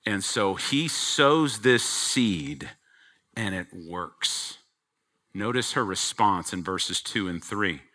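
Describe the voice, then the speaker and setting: A middle-aged man preaching a sermon as pastor to a congregation, swinging between loud emphatic peaks and quiet low asides. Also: animated, takes it slowly.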